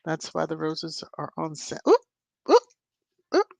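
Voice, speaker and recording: A woman's voice: low voice, wildly swooping pitch, measured pace, gravelly, dry recording. Sassy chatty woman streamer. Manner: sassy, chatty asides, frequent laughter and hums. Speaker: livestream host. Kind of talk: casual livestream commentary reading chat.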